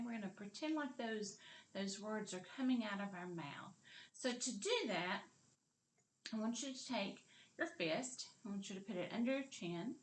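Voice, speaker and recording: Kindergarten teacher, woman, unhurried and lively in pitch, whispering some words, recorded in a roomy space. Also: a little hiss or hum. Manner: slow, encouraging, sing-song teacher voice with whispered parts. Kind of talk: kindergarten literacy lesson. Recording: echoey room.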